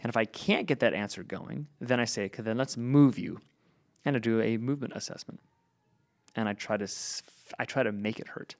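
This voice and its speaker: A man who works as a movement practitioner, explaining in relaxed conversation how he questions clients about pain and acting out what he says to them. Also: lowish voice, fairly quick, vocal fry. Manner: animated, acts out client dialogue.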